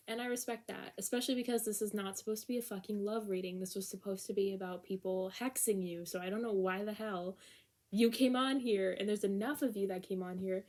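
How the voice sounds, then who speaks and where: A young woman talks through a pick-a-card tarot reading in a loose, chatty way. She is frank and exasperated, breaks into laughter and lets the odd swear word slip. Her voice sits at an ordinary middle pitch. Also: steady tone, a little fast, a little mellow. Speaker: tarot reader.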